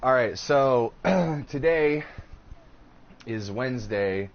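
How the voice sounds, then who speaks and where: A man's voice: mid-range voice, slow, slight background noise. Profane storytelling podcast guy. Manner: profane, animated storytelling with quoted voices. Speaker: podcast co-host. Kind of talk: casual chat. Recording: dull lo-fi live stream audio.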